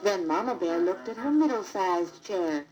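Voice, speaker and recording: A woman narrating a children's storybook record in a deliberate, expressive read-aloud manner. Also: lowish voice, music in the background, rough recording.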